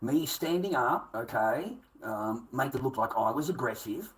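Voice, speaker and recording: A man's voice: medium pitch, lively intonation, unhurried, rough recording. A man telling a rambling personal story, swearing constantly and repeating himself. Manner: swears constantly, restless and repetitive.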